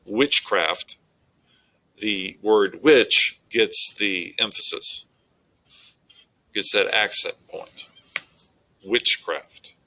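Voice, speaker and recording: Man, lecturing teacher, deliberate, unhurried, crisp bright tone. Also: lowish voice, rough recording. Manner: slow, deliberate explaining with fillers. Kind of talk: recorded lecture on poetic meter.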